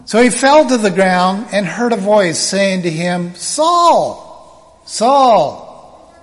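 A man preaching a sermon, slow and emphatic, now and then acting out the voices he quotes. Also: high-pitched, big-room sound.

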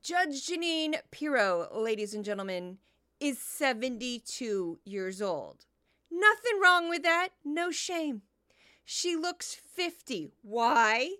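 Bright, sarcastic woman podcaster. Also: high-pitched, slow, clean tone. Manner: animated, sarcastic. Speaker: podcast host. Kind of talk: sarcastic commentary and news rundown.

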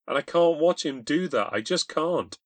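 Distraught grieving young woman in an audio ghost story, voiced by a male narrator, pitched well up, tearful. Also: lively intonation, normal speed, no echo. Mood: pleading. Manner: pleading, tearful.

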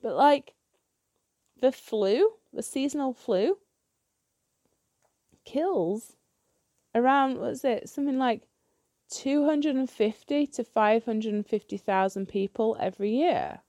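A woman's voice: on the high side, lively intonation, slow pace, long pauses, dark tone, no room sound, clean studio sound. A woman ranting bluntly in a solo podcast monologue, swearing freely and restarting her sentences when heated. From United Kingdom. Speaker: podcast host.

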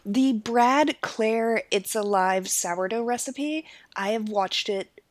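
A woman's voice: fairly high pitch, slow pace. A woman co-hosting a podcast, chatting casually and gushing with lots of fillers. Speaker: podcast co-host. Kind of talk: casual chat.

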